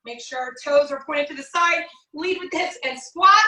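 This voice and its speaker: Bright, energetic woman fitness coach. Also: very high voice, normal speed. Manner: energetic, counts and cues moves. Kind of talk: guided workout instructions. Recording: echoey room, distant from the mic.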